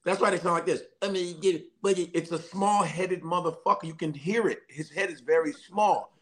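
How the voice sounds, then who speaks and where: A man's voice: high voice, a little fast, fairly bright tone. A man bantering and riffing jokingly as a podcast co-host. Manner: joking, riffing, mock voices. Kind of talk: casual banter.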